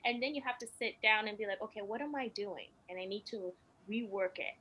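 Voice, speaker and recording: A woman's voice: medium pitch, fairly quick, hardly any pauses, bright, forceful tone, slight background noise, low-quality recording. A young woman and podcast guest telling personal stories in casual chat, emotional and laughing often.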